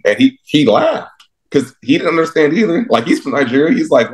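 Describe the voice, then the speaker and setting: A young man from Texas, a pro linebacker, telling stories in a casual interview, lively and laughing often as he acts out his younger self. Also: medium pitch, a little fast. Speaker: guest, professional football linebacker.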